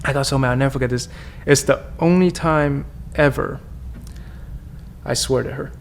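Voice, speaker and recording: A man's voice: mid-range voice, moderate pace, vocal fry, a little hiss or hum. A man from China, a podcast guest telling his life story earnestly and candidly, often restarting his sentences. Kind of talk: personal storytelling in conversation.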